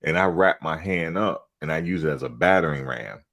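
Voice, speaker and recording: A man's voice: very deep voice, brisk, fairly bright tone. A middle-aged man hosting a fan live stream in a laid-back, chatty way, telling stories and laughing often. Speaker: fan channel host. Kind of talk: casual live-stream chat.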